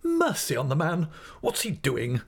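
A man's voice: high-pitched, wildly swooping pitch, takes it slowly, a bit bright, pitched above the performer's own voice, full character voice. A man voicing a fierce, stern elderly aunt who snaps her questions sharply and impatiently.

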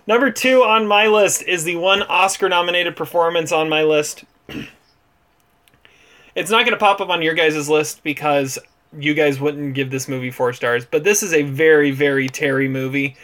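Bright-voiced man in casual podcast chat. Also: on the high side, steady tone, normal speed. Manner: laughs often, repeats himself. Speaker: podcast co-host.

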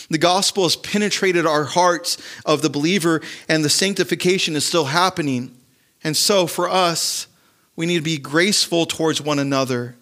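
A man's voice: a little high, a bit bright. A man, a pastor, preaching a conversational sermon and asking his listeners frequent rhetorical questions.

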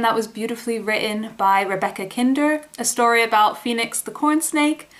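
A woman's voice: fairly high pitch, a bit bright. A woman hosting a story reading event, introducing the stories and the readers.

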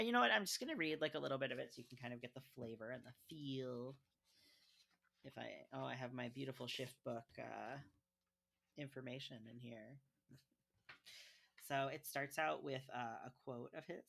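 A man chats about picture books in a loose, conversational podcast style, with plenty of fillers and restarts. His voice has a gravelly fry and a bright, forward timbre. He slips into reading short passages aloud now and then. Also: medium pitch. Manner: chatty, filler-heavy, reads aloud from a picture book. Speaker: podcast co-host reviewing children's books. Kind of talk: casual conversational book review.

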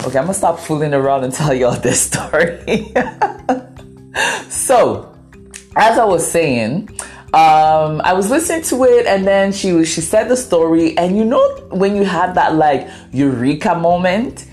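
Ghana-born woman hosting her podcast, twi is her first language, kinda low voice, super dramatic storytelling. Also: a little slow, faint music behind. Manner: animated, dramatic, playful, acts out quoted voices. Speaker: podcast host. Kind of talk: casual storytelling monologue.

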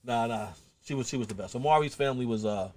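A man hosting a casual podcast, telling animated stories with stammering restarts. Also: medium pitch, quick pace. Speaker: podcast host.

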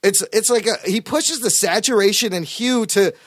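A man co-hosting a casual podcast chat, animated, profane and emphatic. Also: high-pitched, moderate pace, no room sound, studio quality. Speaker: podcast co-host.

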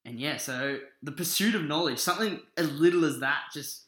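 Rambling young Australian man, bright voice. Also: fairly high pitch, a little fast. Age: young adult. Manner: rambling, sweary, laid-back. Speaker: podcast co-host. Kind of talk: casual chat. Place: living room lounge. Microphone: single shared mic. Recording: roomy echo.

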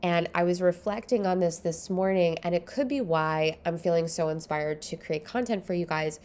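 Woman, podcast host, somewhat low voice, casual solo monologue, rambling, laughs easily, recorded at home. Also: moderate pace, darkish tone. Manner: chatty and rambling, laughs often. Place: home, early morning.

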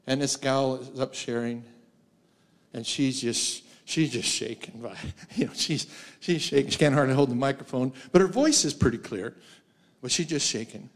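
At a moderate pace and medium pitch, a man delivers a guest sermon in a church sanctuary. Personal stories carry the message, broken up by frequent laughter and acted-out quotations.

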